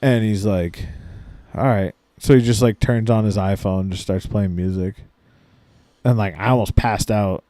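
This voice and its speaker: A fairly low-voiced man co-hosts a podcast, telling a long story in a laid-back, profanity-laced way. He slips into quick voices for the people he quotes. The sound is close and dry, with no room around him. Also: steady tone, warm tone, dry recording. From Maine, USA. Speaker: podcast co-host. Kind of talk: casual storytelling chat.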